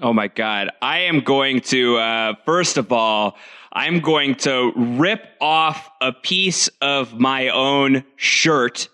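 A man's voice: mid-range voice, takes it slowly, bright, forceful tone, smooth. A man playing a tabletop game, describing his character's actions playfully and at length. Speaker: player.

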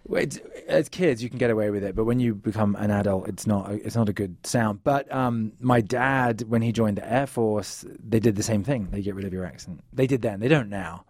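An English man, a guest actor, chatting casually and telling stories in a relaxed way, laughing easily. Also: fairly low pitch, brisk, few pauses, no room sound. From England. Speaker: guest, actor and former model. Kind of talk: casual interview chat.

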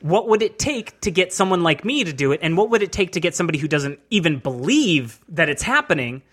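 A man's voice: fairly high pitch, big pitch swings, a little fast, fairly bright tone. Joking male podcast co-host. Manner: joking, riffing on scenarios. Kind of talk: casual chat.

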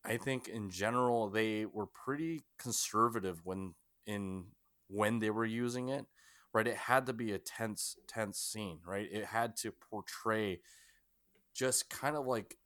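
A man's voice: lowish voice, fairly bright tone, no echo, clean studio sound. A man co-hosting a casual movie-review podcast, thinking aloud and often checking in with "right?". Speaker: podcast co-host.

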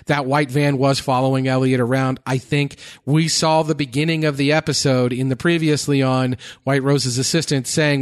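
A man's voice: medium pitch, little pitch movement, moderate pace, few pauses, dry recording. Man on a dry recording, thoughtful. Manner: thoughtful, many filler "uh"s. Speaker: podcast co-host. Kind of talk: casual chat analyzing TV episodes.

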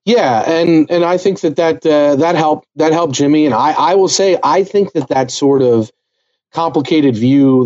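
A man's voice: medium pitch, a little mellow, highs cut off. A man co-hosting a casual TV recap podcast, talking things through in a thoughtful, analytical way. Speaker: podcast co-host.

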